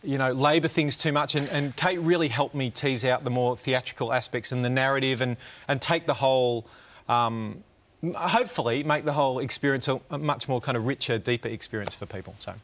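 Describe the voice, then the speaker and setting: A man's voice: medium pitch, fairly quick, a bit bright. A middle-aged man talks loosely and with self-deprecating humour. He wanders through his sentences with plenty of fillers and false starts. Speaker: comedian guest. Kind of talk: casual interview chat.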